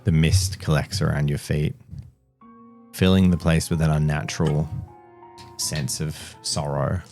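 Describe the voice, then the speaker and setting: Deep-voiced man narrating a tabletop game. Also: fairly even intonation, a little mellow, soft background music. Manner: slow, dramatic narration with stumbles and laughs. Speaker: game master.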